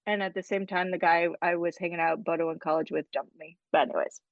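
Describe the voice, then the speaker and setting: A woman with a Midwestern American accent, a podcast guest who chats quickly, laughs often, and drifts into asides. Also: lowish voice, fairly even intonation, dry recording, highs cut off. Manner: chatty, giggly, quick asides. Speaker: guest scientist. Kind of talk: casual chat.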